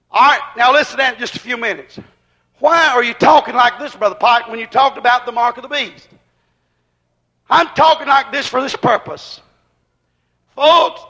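A man preaching a sermon in fiery bursts, often shouting. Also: very high voice, low-quality recording.

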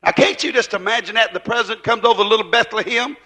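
A man preaching. His tone is bright and forceful, and he tells the story in a folksy way, pushing up to shouts. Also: high voice, fast. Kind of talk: sermon.

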